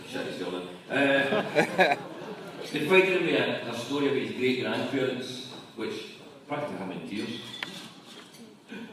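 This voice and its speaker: A man's voice: medium pitch, a little slow, long pauses, noisy background. Man giving a comic after-dinner speech. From Scotland. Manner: deadpan joke telling. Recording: echoey room from far off. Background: audience laughter.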